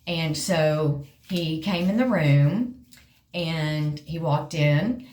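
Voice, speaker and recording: A woman's voice: low voice, very slow, darkish tone. A middle-aged woman, chatting casually to camera, rambling and calling her viewers y'all. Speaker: vlogger sharing a health update.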